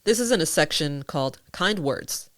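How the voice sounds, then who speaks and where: A woman's voice: low voice, lively intonation, moderate pace, fairly bright tone, no echo. A woman hosting a podcast in casual chat, who laughs often and talks with animation. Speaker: podcast host.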